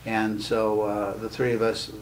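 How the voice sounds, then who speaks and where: A man in his seventies, an interview guest recalling early days, speaking haltingly and pausing often as he tells his story. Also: fairly low pitch, monotone. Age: 70s. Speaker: guest, guild president. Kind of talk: reminiscing interview talk.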